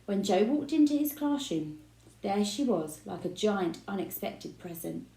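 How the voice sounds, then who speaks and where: A woman narrates a children's book with expressive storytelling. Her voice is mellow and moves freely up and down. She sounds like she is in a roomy space. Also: medium pitch, a little slow. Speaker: reader. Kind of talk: children's book read-aloud. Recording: roomy echo.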